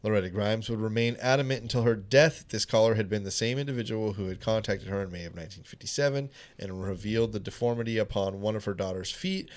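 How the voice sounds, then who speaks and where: A man's voice: fairly low pitch, quick pace, hardly any pauses. Male podcast host, reads crime case notes, playful quizmaster in a studio. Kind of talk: reading a true crime story and running a quiz.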